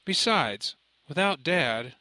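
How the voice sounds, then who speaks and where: A man's voice: fairly high pitch, animated, slow, sharp tone, no room sound, voice pushed up, exaggerated voice, rough recording. A man voicing a distraught, grieving young man who speaks in a shaky, pleading way, close to tears, in an audiobook. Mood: downcast. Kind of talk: audiobook character voice.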